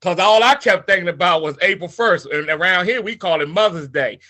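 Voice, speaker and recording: Man, high and very bright voice, fired-up storyteller who acts out quotes. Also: fairly quick. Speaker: participant in a coaching call. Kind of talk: personal story told to a group.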